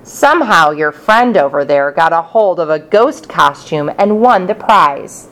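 Firm storybook teacher, lively pitch, woman reader. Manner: firm, measured. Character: firm but kind female schoolteacher. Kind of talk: audiobook character reading.

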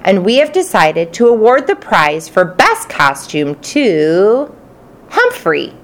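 A woman's voice: mid-range voice, wildly swooping pitch, heavily acted. A woman voicing a firm but kind female schoolteacher in an audiobook. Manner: firm, measured. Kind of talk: audiobook character reading.

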